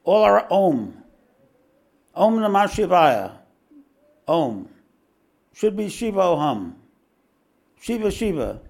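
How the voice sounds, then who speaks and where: A terse old Indian guru , as quoted by a man reading aloud, delivers short, emphatic pronouncements. The voice jumps well above the reader's normal pitch and grows louder. It keeps the gravelly edge of the reader. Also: big pitch swings, slow pace, pauses often, full character voice.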